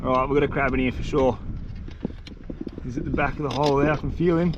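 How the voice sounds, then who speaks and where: A man filming himself outdoors in the mangroves, talking in excited, slang-heavy bursts straight to a handheld camera. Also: medium pitch, quick pace, muffled recording, noisy background. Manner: excited, breathless slang-filled chatter. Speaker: outdoor vlogger. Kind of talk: self-filmed outdoor vlog.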